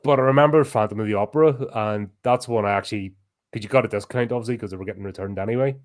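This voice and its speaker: A middle-aged man, co-hosting a podcast in casual chat, loud and animated, laughing easily. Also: on the low side, very fast. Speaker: podcast co-host.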